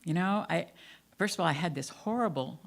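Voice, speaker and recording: Gravelly-voiced woman minister telling a candid story. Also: on the low side, fairly quick. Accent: Southern American, faded. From American South. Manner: candid, self-deprecating, laughs at herself. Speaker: guest minister. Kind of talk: sermon with personal storytelling. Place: church sanctuary.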